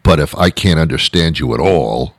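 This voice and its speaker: A man's voice: rumbling low, moderate pace, dry recording, clean studio sound. A man delivering an exasperated, comic rant with lots of repetition and restarts. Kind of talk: ranting monologue.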